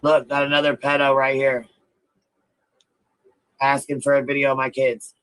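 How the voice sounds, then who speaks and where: A man's voice: medium pitch, completely flat delivery, moderate pace, fairly bright tone, clear, resonant tone. A man ranting angrily on a livestream, swearing heavily. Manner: angry, heavy swearing. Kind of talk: angry rant on a livestream.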